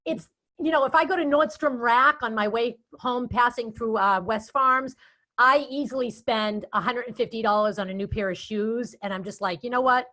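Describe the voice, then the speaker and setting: A woman's voice: fairly high pitch, normal speed. A woman with a Boston accent, a guest speaker chatting casually in an interview and telling stories animatedly. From Boston area. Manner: chatty, animated storytelling with quoted asides. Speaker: guest speaker and event moderator.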